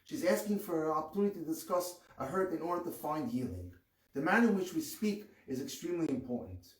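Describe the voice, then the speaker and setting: A man giving an earnest rabbi's lecture on marriage, reading with expressive rises on key words. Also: fairly high pitch, fast. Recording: echoey room, far from the mic.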